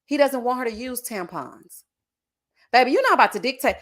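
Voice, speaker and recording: Young woman hosting a reaction show, sassy and animated, keeps saying child and honey, a bit high. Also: brisk. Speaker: show host reading viewer comments. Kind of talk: casual reaction chat.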